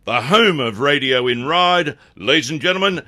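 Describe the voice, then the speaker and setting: A man's voice: fairly high pitch, lively intonation, moderate pace, bright, forceful tone. A man doing a mock wrestling ring announcement, slightly laughing.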